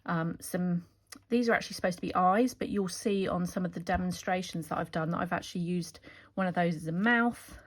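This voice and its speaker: A woman's voice: lowish voice, brisk. A woman chatting enthusiastically as she shows off her craft stamp designs, with fillers and restarts. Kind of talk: casual product walkthrough.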